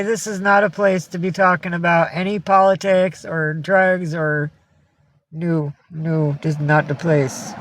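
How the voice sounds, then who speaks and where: A woman's voice: deep voice, dry recording. A woman from upstate New York hosting a casual livestream, chatting with viewers, greeting them by name and swearing freely. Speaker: livestream host.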